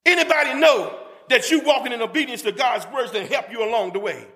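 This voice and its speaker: A man preaching a sermon to a congregation, fervent, breaking into shouts and calling for amens. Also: very high voice, expressive, a little fast. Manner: fervent, with shouted bursts and call-and-response to the congregation. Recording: long reverb of a church hall.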